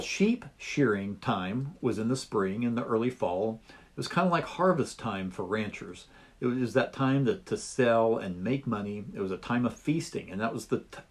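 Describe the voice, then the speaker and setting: A man teaching a Bible study lesson over slides, explaining in a measured, folksy way. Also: mid-range voice, a little mellow, husky.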